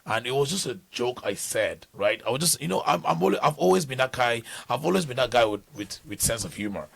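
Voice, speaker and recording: A man's voice: medium pitch, animated, fairly quick, creaky, fairly bright tone. A middle-aged man from Nigeria, a podcast guest telling stories in rambling casual talk, full of restarts. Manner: rambling storytelling with many restarts.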